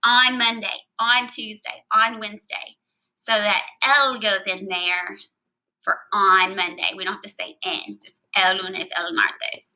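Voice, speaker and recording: A young adult woman teaching Spanish grammar in a recorded lecture, explaining step by step in a clear, even way. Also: medium pitch, unhurried, poor audio.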